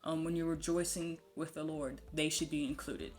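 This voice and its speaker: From home, with a puppy nearby, a woman gives a casual Bible teaching, speaking conversationally with frequent "um"s and "right?" check-ins. Her voice sits low, with fairly even intonation, a moderate pace and a darkish tone.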